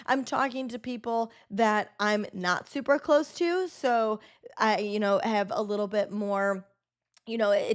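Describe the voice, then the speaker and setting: A young woman hosting a podcast, telling a story in loose, chatty talk full of fillers and swearing. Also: mid-range voice. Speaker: podcast host. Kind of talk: casual storytelling monologue.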